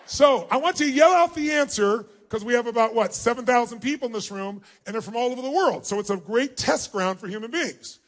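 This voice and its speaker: Man, very high voice, motivational speaker, energetic, commanding, shouting to a crowd, stage mic in a large arena. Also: fairly quick, few pauses. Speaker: motivational speaker leading a large audience exercise. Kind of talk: live seminar talk to a huge crowd.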